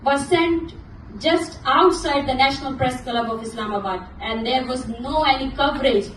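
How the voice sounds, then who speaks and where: Young woman from pakistan giving an earnest speech, high voice, echoey hall, a bit far off the mic. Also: a bit bright, slight background noise. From Balochistan, Pakistan. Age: young adult. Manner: earnest, halting when speaking off script, many restarts. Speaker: activist speaker. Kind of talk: prepared speech at a forum.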